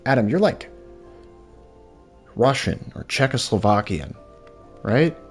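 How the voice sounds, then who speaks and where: A man's voice: mid-range voice, expressive, slow pace, faint music behind. A young man chatting casually while streaming a game, rambling and reading chat aloud. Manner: rambling, laid-back, reads chat aloud.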